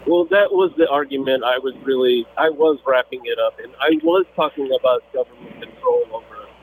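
A man's voice: medium pitch, animated, a little fast, slight background noise. A man calling in to a radio talk show, arguing with passion and often repeating his words. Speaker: caller. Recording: tinny dry phone line.

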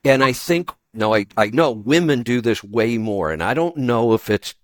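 Opinionated talk radio host, dry studio sound. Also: male voice, on the low side, no room sound. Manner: opinionated, fast-talking, full of restarts. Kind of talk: casual talk radio chat.

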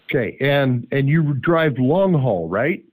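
A man's voice: medium pitch, slow pace, poor audio. A man hosting a call-in radio show, joking with callers and asking pointed questions. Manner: lively, joking, asks probing questions.

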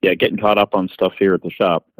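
A man's voice: sits low, little pitch movement, fast, low-quality recording. A man who is a regular on a radio show, chatting casually in an easygoing way and laughing often. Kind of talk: casual chat.

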